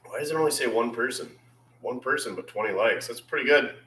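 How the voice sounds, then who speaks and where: A man's voice: medium pitch, expressive, fast talker, pushed and bright, slight background noise. Laid-back man chatting in an echoey shop. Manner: laid-back, rambling, reads chat aloud. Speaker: channel host. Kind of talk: casual livestream chat. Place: repair shop.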